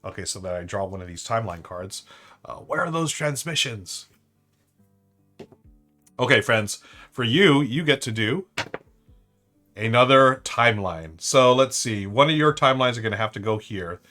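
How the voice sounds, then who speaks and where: A man's voice: mid-range voice, animated, moderate pace, pauses often, bright, forceful tone, soft background music. A man hosting a live-stream trivia board game, chatting upbeat and thinking aloud to his viewers.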